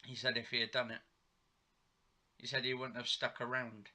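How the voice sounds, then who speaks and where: Man, TV episode recap, rambling play-by-play, very bright sharp tone, mid pitch. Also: flat delivery, normal speed. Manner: rambling, retells dialogue with "he goes" and "she said". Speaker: TV episode reviewer. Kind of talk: live play-by-play recap while watching.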